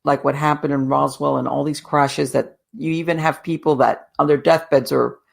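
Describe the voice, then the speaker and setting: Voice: mid-range voice, flat delivery, normal speed, vocal fry. A podcast host asking long, rambling questions that restart several times. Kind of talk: casual interview.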